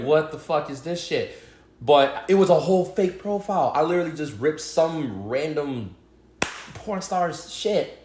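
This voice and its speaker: A man co-hosting a casual podcast, talking in loose slang with plenty of swearing. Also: a little high. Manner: expressive, slangy, swears a lot. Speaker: podcast co-host. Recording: roomy echo.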